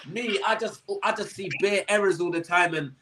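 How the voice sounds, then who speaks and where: A man with a slightly higher voice argues his side in a casual football chat. He is slangy and often stumbles at the start of a point. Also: normal speed, bright, forceful tone, slight background noise. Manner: argumentative, slangy, hesitant starts. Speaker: co-host of a football fan show.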